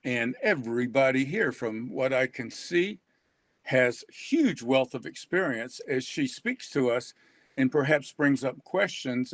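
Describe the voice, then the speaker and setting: A man's voice: medium pitch, no echo. An older man, co-hosting a casual webinar about reading in a folksy, joking way and laughing often. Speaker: reading program author and co-host.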